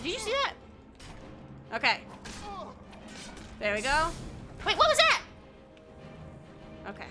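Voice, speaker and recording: A woman streamer chatting casually while she plays, excitable and quick to swear, often breaking into laughter. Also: a little high. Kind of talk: casual live-stream chat.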